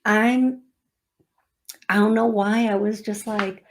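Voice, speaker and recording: A woman's voice: medium pitch, fairly even intonation, slow, long pauses, darkish tone. A woman hosting a radio show as a psychic medium, telling stories in a chatty, laughing way. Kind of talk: casual chat. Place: radio studio.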